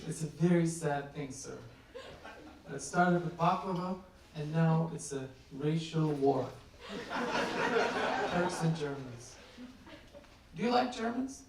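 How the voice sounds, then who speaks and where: Turkish comedian doing deadpan crowd work. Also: male voice, on the high side, slow, long pauses, very noisy. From Turkey. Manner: deadpan, teasing the audience with mock-serious questions. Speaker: stand-up comedian. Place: comedy club stage before a laughing crowd. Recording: roomy live recording from a distance, crowd audible.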